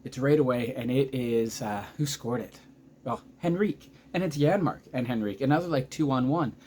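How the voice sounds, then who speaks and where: A man in his thirties giving a casual, excitable recap of a hockey game as a vlogger, chatty and often losing his thread. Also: medium pitch, moderate pace, slight background noise. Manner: excitable, chatty, loses track mid-sentence.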